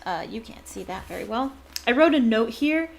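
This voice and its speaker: A woman's voice: a little high, animated, moderate pace, vocal fry. A woman casually reading a book aloud and breaking off for chatty, giggly asides. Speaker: book reader and fan.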